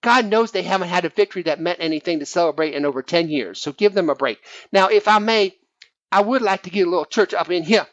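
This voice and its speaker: A man's voice: high-pitched, fast talker, a bit bright, dry recording, muffled recording. A man voicing a self-appointed preacher who blesses his friends while slyly insulting them, in a sing-song preachy manner. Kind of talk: comic preacher impression on a fan podcast.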